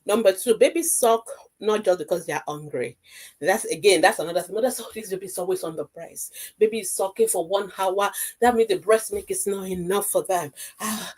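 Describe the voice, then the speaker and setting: A woman's voice: medium pitch, darkish tone. A woman pediatrician giving a health webinar talk, speaking directly to mothers in an emphatic, reassuring way and repeating key points in lists.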